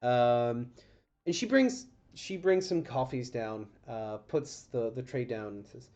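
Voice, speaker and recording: A man narrating as game master, pausing often with ums and restarting sentences. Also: mid-range voice, expressive, a little mellow. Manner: hesitant, many ums and restarts. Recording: dull lo-fi stream audio with faint music.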